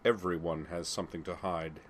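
A man's voice: low-pitched, fairly even intonation, fairly quick, slight background noise, lightly acted. A man reading the lines of a cold, imperious alien male enforcer who growls his threats.

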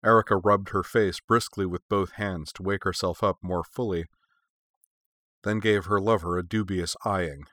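A man narrates a storybook in a low, deep voice. His reading is even and measured. The recording is dry and close. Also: no echo. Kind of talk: audiobook narration.

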